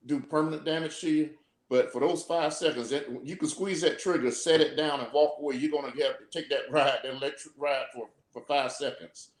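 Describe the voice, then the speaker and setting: A man who is a former police officer, explaining steadily on a live video call and often repeating his words. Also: mid-range voice. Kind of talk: live video talk show discussion. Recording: echoey room.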